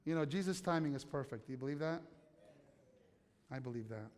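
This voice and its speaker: A man's voice: mid-range voice, lively intonation, fairly quick, darkish tone. A man preaching a sermon as pastor, telling stories conversationally and putting questions to the congregation. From United States. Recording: long hall reverb.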